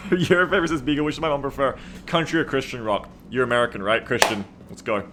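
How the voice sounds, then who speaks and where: A man's voice: medium pitch, normal speed, over music. A man streaming a strategy game, chatting casually with viewers and reading their messages aloud in a playful, teasing way, laughing often.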